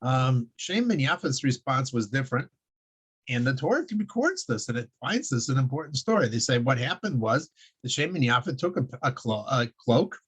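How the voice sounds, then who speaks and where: A man's voice: medium pitch, expressive, moderate pace, husky. A man teaching a weekly religious class in a rambling, casual way, with frequent fillers, restarts and chuckles.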